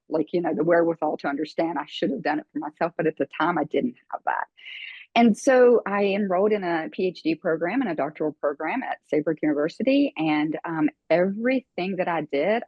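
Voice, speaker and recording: An older woman as an interview guest, telling her story earnestly, with many fillers and pauses. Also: low-pitched, husky, no room sound, lo-fi sound. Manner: earnest, emotional, halting with fillers.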